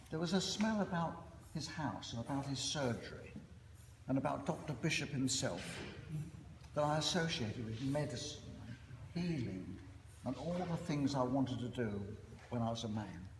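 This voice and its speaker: An older man with a Cockney accent giving an anecdotal, self-deprecating after-dinner speech with frequent pauses. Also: mid-range voice, lively intonation. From East End of London. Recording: echoey hall with noise.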